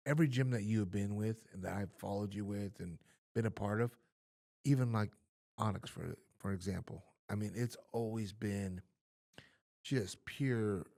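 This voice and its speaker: Man, lowish voice, interview host, casual, lots of "you know". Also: vocal fry. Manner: warm affirming, frequent "yeah" and "you know". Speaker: podcast host and former boxer.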